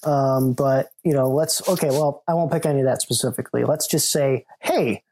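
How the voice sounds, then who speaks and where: A man's voice: medium pitch, normal speed, darkish tone, a little hiss or hum. A man talking loosely and at length as a podcast guest, full of "like" and "um", with jokey self-mocking asides. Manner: rambling, loose, lots of "like" and "um". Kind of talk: casual chat.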